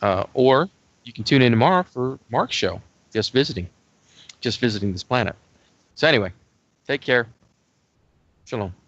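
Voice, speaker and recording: A man's voice: mid-range voice, expressive, normal speed, long pauses, a bit bright, no room sound, lo-fi sound. A man co-hosting a casual religious talk show, closing with joking, self-deprecating remarks. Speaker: co-host.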